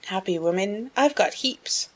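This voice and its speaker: A woman reading a spirited, frank, headstrong young woman in an audiobook, in a brisk, emphatic way. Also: medium pitch. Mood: cheerful. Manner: brisk, emphatic, rising to excited outbursts.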